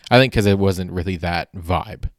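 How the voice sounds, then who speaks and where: The host of this solo podcast is a man with a very low voice who rambles at a moderate pace, restarting sentences often and swearing casually. He comes across as wry and self-deprecating, and the close, dry recording has no echo or room sound.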